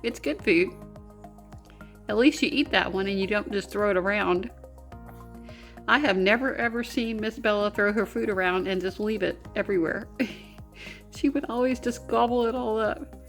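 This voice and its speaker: A woman's voice: mid-range voice, normal speed, long pauses, faint music behind. A woman, hosting a crafting vlog at home in a bubbly, giggly way. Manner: bubbly, giggly, sweet-talking. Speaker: papercraft channel host. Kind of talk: casual vlog chat.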